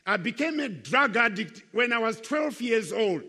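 An older man tells his life story as a sermon, earnest and emphatic, leaning on repeated phrases. His voice sits high and bright, almost piercing. It rings out with a long, echoing reverb through a large hall. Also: very animated, normal speed, husky. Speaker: Christian speaker giving his life testimony. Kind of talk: testimony sermon to young people.

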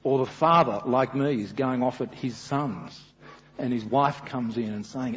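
A middle-aged man with an Australian accent preaching a sermon, animated and storytelling, often slipping into acted voices. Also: mid-range voice, measured pace. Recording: dull with long reverb, faint hiss.

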